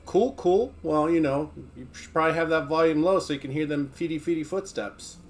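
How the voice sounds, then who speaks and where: A man's voice: fairly high pitch, a little fast. Laid-back man chatting and reading aloud. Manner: laid-back, joking, talks to chat between passages. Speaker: streamer reading a book aloud. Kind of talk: casual stream chat and reading aloud.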